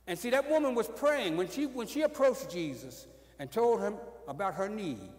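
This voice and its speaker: A man preaching a sermon as pastor, swinging from loud high exclamations to low, quiet storytelling and punctuating his phrases with "amen.". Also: expressive, moderate pace. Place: church sanctuary. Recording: echoey church hall.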